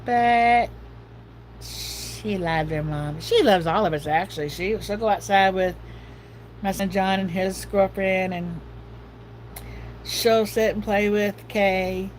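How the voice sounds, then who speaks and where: A middle-aged woman chats on her livestream in a folksy, rambling way. Her voice sits in an ordinary middle pitch. A faint hum of noise runs behind her. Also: takes it slowly, rough recording. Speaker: livestream host. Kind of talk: casual livestream chat.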